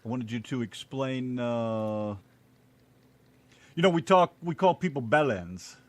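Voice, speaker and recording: A man co-hosting an internet radio show, joking around with sudden high exclamations. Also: measured pace, darkish tone, no room sound. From American South. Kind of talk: casual banter.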